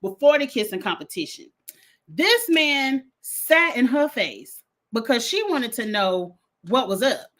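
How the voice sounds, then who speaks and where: Sassy, blunt woman vlogger. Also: high voice. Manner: sassy, blunt, animated, cursing freely. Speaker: reality TV reviewer. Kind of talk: casual vlog commentary.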